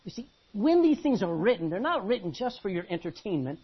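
A man preaching a sermon in an animated way, acting out Bible scenes as he goes. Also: high-pitched, brisk, slightly rough. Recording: dull lo-fi recording.

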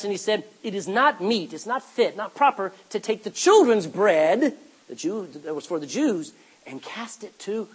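A man preaches with animated energy, slipping into the voices of the people in his stories. His voice is pitched high and sounds husky, carried through a church. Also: low-quality recording. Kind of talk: sermon.

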